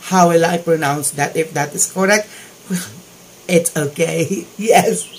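A man's voice: fairly high pitch, slow pace, slight background noise, low-quality recording. A man with a Filipino accent hosting a casual reaction video, gushing with exclamations of amazement. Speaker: YouTube reaction vlogger.

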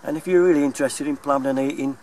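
A man's voice: a little high, fairly even intonation, rapid-fire, a little mellow. A man with a London accent talking casually to his viewers as a plumber, chatty and plain-spoken, often chuckling. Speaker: plumber and video maker. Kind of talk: casual vlog talk to viewers. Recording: distant mic, faint background noise.

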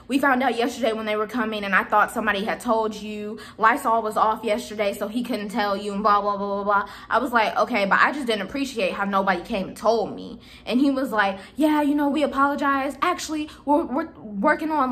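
A young woman in her twenties casually retelling a story to her viewers, animated and exasperated, acting out the dialogue. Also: on the high side. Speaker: vlogger telling a storytime.

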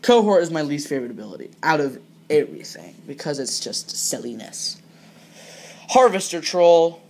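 Young adult opening card packs on camera, casual rambly chat, reads card names out, gets excited fast. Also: medium pitch. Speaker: card pack-opening vlogger. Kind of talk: casual pack-opening commentary.

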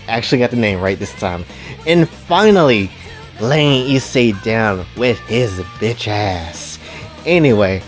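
A man casually narrating a self-insert story, rambling in laid-back crude slang. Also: medium pitch.

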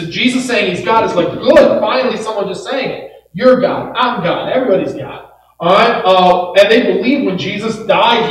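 Animated pastor in an echoey hall. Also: male voice, high-pitched, a little hiss or hum. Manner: animated, acts out quoted voices with laughs. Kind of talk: sermon. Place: church auditorium. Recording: echoey church hall, mic from a distance.

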